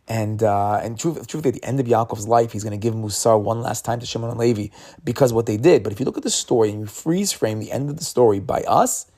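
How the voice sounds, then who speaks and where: A man with a gravelly, dark and mellow voice gives an informal Torah talk. He speaks in a loose, conversational way, often repeating words as he restarts a thought. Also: lowish voice. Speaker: Torah teacher. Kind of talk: casual weekly Torah talk.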